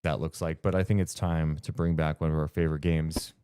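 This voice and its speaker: A man's voice: a bass voice, flat delivery, fairly quick, very noisy. A man co-hosting a casual basketball podcast, reading out stat lines and running a playful guessing game. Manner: runs through stats conversationally, playful quiz host. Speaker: podcast co-host. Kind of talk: casual sports podcast chat.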